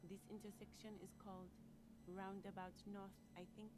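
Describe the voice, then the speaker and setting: A man voicing a timid, evasive middle-aged woman in a game, in a soft falsetto. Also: little pitch movement, moderate pace, noisy background, natural voice. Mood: meek. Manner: soft, falsetto, meek and defensive.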